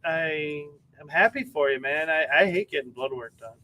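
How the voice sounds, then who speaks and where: A man's voice: on the high side, moderate pace, slight background noise. Chatty Midwestern American man. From Michigan, USA. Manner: chatty, relaxed, joking. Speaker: live stream host. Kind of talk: casual chat, reading viewer comments.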